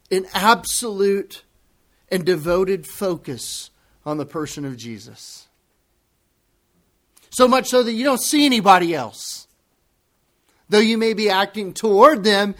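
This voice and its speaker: A male pastor preaching a sermon to his congregation, emphatic and deliberate, repeating key phrases for weight. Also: sits high, fairly bright tone.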